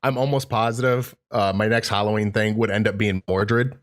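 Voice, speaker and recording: A man's voice: fairly low pitch, fairly even intonation, normal speed. A man co-hosting a podcast in casual chat, explaining things at length as he talks his ideas through. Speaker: podcast co-host.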